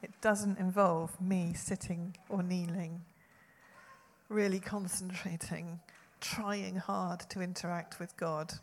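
A woman's voice: fairly low pitch, little pitch movement, takes it slowly, slight background noise. Earnest woman in a reverberant church hall. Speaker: church speaker. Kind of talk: personal testimony talk.

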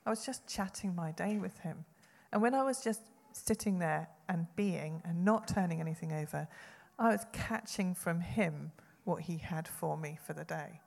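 A woman with a lower voice shares a personal testimony in an earnest, conversational way. Her voice carries a long echo from a church hall. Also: moderate pace, creaky, few pauses, a little mellow. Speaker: church speaker.

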